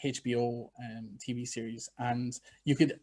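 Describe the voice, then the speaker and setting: A middle-aged Irish man talks in a loose, chatty way, guest on a conversational podcast. His voice sits at an ordinary pitch for a man, and he tells his story frankly, poking fun at himself. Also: level tone, moderate pace, mellow. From Ireland. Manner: frank, self-deprecating, chatty. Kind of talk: casual interview chat.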